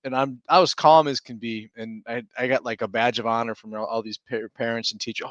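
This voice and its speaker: A man's voice: mid-range voice, steady tone, brisk, fairly bright tone, no room sound, lo-fi sound. A man in his thirties, a stay-at-home dad co-hosting a podcast, telling a long rambling story in casual chat with restarts and laughs.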